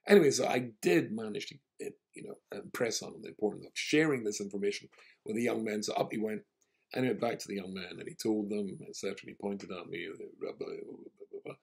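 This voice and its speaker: Speaking fast, a rabbi recounts a tale in a low, husky, gravelly voice. His storytelling talk flows easily and carries a wry, self-mocking humour.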